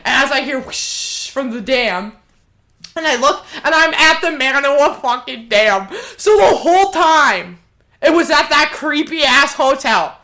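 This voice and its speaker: A woman's voice: high voice, lively intonation, a little slow, pushed and bright. A young woman co-hosting a podcast, telling a story in brash, profane casual chat and acting out the voices of the people in it. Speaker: podcast co-host.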